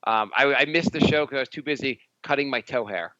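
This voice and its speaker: A man's voice: medium pitch, brisk, sharp tone, dry recording, dull audio. A man co-hosting a podcast, rambling casually with lots of fillers and jokes. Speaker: podcast co-host. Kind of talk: casual chat.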